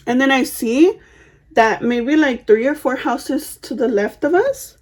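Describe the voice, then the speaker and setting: A woman's voice: high-pitched, lively intonation, unhurried. A young woman telling rambling stories at home while getting ready, with lots of fillers, asides and casual swearing. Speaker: vlogger. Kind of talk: get-ready-with-me storytelling.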